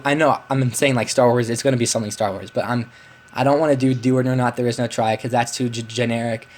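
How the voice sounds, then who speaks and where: A man's voice: medium pitch, steady tone, fast talker, a little mellow, slight background noise. A teenage man hosting a casual podcast, rambling with lots of restarts and fillers. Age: teens. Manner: rambling, many restarts and "like"s, laughs easily. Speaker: podcast host. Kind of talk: casual chat.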